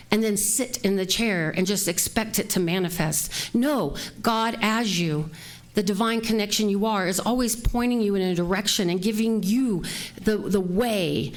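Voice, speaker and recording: A woman's voice: mid-range voice, normal speed. A woman minister giving a heartfelt, earnest and direct sermon, recorded live at a spiritual center.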